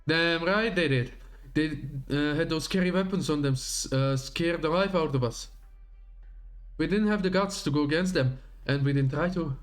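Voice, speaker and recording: A man voicing a nervous, defensive village farmer who talks high-pitched, agitated and blustering, read aloud from a game story on a livestream. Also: moderate pace, soft background music, close to an everyday voice.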